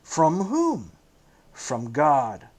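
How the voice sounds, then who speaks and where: A man's voice: on the high side, huge pitch swings, extremely slow, a little mellow, heavily acted. A man reading a bitter, tormented young man. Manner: bitter, terse, pained. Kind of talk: audiobook character reading.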